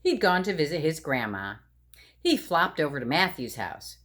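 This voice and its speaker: A woman's voice: low-pitched, sing-song, moderate pace, fairly bright tone. A woman reading a picture book aloud to children, voicing sound effects and asking them questions. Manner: sing-song, asks children questions, voices sound effects.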